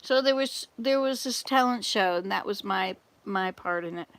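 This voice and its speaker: A woman's voice: medium pitch, moderate pace, dry recording. An older woman, a volunteer missionary, chatting on a livestream from an RV, telling jokes and talking to her viewers. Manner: chatty, rambling, tells jokes and talks to viewers. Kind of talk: casual livestream chat. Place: RV at a summer camp.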